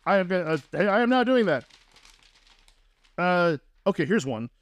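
A man co-hosting a comedy podcast, delivering absurd jokes deadpan in sketch-style banter. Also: high voice, normal speed, no echo.

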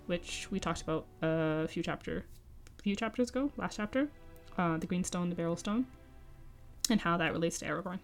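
A woman's voice: on the low side, moderate pace, faint music behind. Chatty woman reading and commenting. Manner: chatty, enthusiastic, many fillers and asides. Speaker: podcast host and reader. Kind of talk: book reading with casual commentary.

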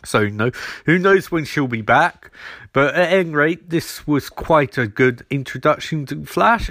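A man's voice: on the high side, fairly bright tone, dry recording, studio quality. Chatty man recapping episodes. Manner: chatty, rambling, acts out quoted lines. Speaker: podcast host recapping episodes. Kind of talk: casual solo recap.

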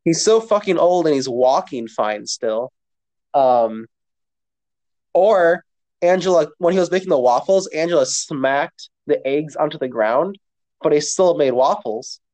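A man's voice: on the high side, animated, measured pace, darkish tone. Casual rambling man. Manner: loose, profane, rambling with fillers. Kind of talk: casual chat.

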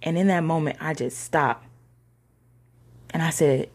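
A young woman telling a personal story in a slangy, conversational way, sometimes dropping into soft whispers. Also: sits low, a little slow, vocal fry, husky. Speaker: discussion participant.

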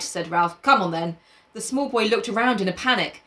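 A woman's voice: medium pitch, normal speed, a bit bright. A young woman, reading a novel aloud in a casual chat, often laughing and breaking off to swear and comment.

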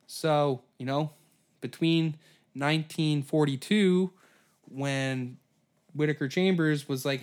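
A man's voice: medium pitch, moderate pace, clean tone. A man hosting a casual comedic history podcast, rambling and swearing, with jokey asides and silly quoted voices. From Canada. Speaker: podcast host.

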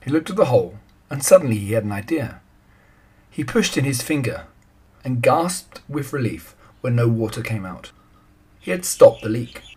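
A man reading a children's story aloud in a calm, even storytelling manner. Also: mid-range voice, normal speed, breathy edge.

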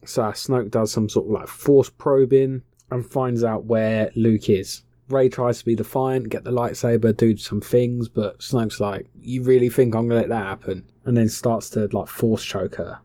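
A man's voice: mid-range voice, fairly even intonation, measured pace, hardly any pauses, warm tone, dry recording, clean studio sound. A man casually retelling a film plot, offhand, slangy and full of swearing. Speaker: film recapper. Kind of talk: casual comic film recap.

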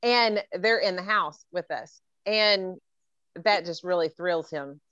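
A playful middle-aged woman hosting a podcast, chatting in a lower-pitched voice and laughing as she teases her guest. The sound is dry and a little dull, like a remote call. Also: slow pace, a bit bright, no room sound. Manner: playful, teasing, laughs often. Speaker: podcast host. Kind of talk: casual podcast chat.

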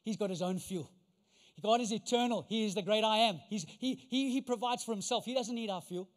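Pastor, man with a high voice, emphatic sermon delivery, long hall reverb. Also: brisk. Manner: emphatic preaching with rhetorical questions.

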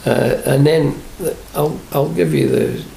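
Gravelly older Scottish man telling stories. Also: fairly high pitch, a little slow. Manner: animated storyteller, acts out quoted voices. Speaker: interview guest, former football manager. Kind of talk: anecdotal interview chat. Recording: echoey room with faint hiss.

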